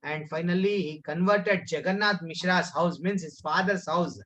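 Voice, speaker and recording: A man with an Indian English accent leads a children's class over a video call. His voice sits a little high for a man, and the sound is muffled and lo-fi. He pauses often on fillers and restarts while he tells the story. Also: fairly bright tone. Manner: many fillers and restarts, calls on pupils by name. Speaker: teacher of a children's scripture class. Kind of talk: online class teaching and storytelling. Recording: muffled online call audio.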